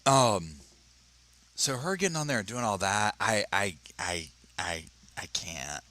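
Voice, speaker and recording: Casual male commentary host, lowish voice, animated and chatty. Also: measured pace. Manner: animated, chatty, stammering restarts. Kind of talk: casual reaction commentary reading an article. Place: home, at his computer.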